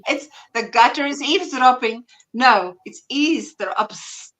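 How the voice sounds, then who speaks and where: A woman's voice: high voice, animated, takes it slowly, pushed and bright. A South African woman hosting a casual livestream chat, reading out viewer comments as she talks. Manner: chatty, reads out viewer comments. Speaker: livestream host.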